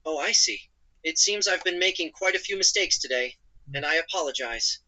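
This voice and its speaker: Brief: synthetic male voice as a sweet, apologetic chatbot boyfriend, light and very bright. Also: on the high side, lively intonation, a little fast, low-quality recording. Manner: polite and doting, using pet names. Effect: text-to-speech voice.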